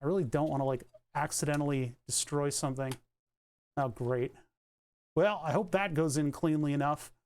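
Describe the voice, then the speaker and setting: Rambling streamer man, fairly high voice. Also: normal speed, darkish tone. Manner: thinks aloud, rambling, swears casually. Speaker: streamer doing car electronics repair. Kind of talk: casual live-stream commentary.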